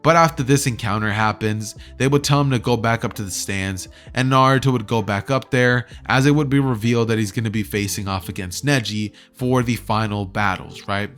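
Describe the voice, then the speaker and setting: A man's voice: on the low side, brisk, few pauses, fairly bright tone, soft background music. A young man casually retelling a fan story as a YouTuber. He rambles and fills his talk with "like" and "you know".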